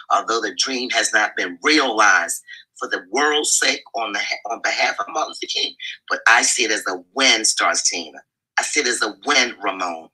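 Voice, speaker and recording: A man taking the mic in a live audio chat, earnest and overcome with emotion, his thoughts spilling out. His voice is low-set, very bright and husky. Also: poor audio. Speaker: chat room participant.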